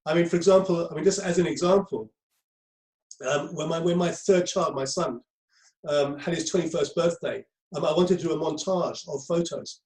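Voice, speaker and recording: A man's voice: a little high, steady tone, normal speed, darkish tone. Man lecturing in an echoey room. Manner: conversational, repeats himself, many ums. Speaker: crisis management trainer. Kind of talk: lecture to a group.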